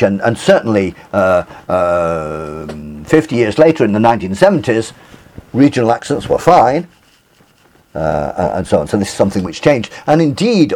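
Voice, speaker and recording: A man's voice: on the low side, darkish tone, slightly rough. A man giving a university lecture, hesitant, with many fillers and self-corrections.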